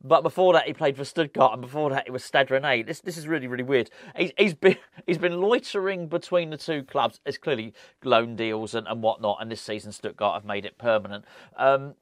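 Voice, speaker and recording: Man, football vlogger, casual chat, rambling and jokey, mid-pitched voice, dry close sound. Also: fairly quick, no room sound.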